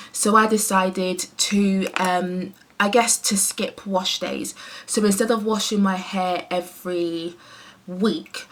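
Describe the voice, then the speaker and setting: A woman's voice: lowish voice, a bit bright. A woman from the UK chatting casually while doing her hair, with many fillers and self-corrections. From United Kingdom. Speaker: hair vlogger. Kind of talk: casual rambling chat.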